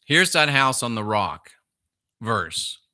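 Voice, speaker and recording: Emphatic man with a sharp voice. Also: medium pitch, very animated, slow, no room sound, studio quality. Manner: emphatic and preachy, with sudden loud bursts. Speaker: livestream host reading chat. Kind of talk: solo livestream rant.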